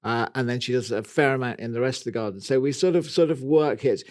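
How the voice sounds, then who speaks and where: A man's voice: mid-range voice, quick pace, darkish tone. A man co-hosting a gardening podcast, chatting casually in a dry, wry and slightly hesitant way. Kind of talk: casual chat.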